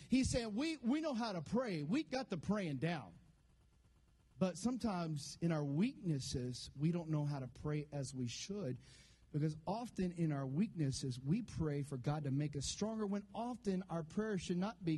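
Male pastor, high but mellow voice, preaches casually with jokes and congregation call-outs. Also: lively intonation, moderate pace. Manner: conversational, joking, call-and-response with the congregation. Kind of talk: sermon.

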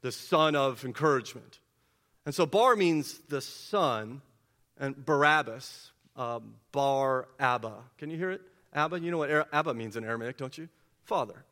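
Bright-voiced male preacher with rising peaks. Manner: rhetorical questions, rising to loud peaks then dropping low; repeats words when starting, quick asides. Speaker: pastor. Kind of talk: sermon.

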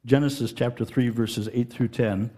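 A middle-aged man preaching a sermon in a folksy, animated storytelling way, laughing and putting on voices. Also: mid-range voice, moderate pace. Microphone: handheld mic.

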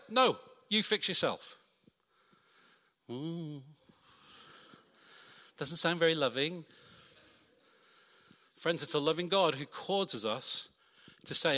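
A man preaching a sermon from the front, animated and lively, acting out quoted voices. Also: a little high, slow pace, long pauses. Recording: long hall reverb.

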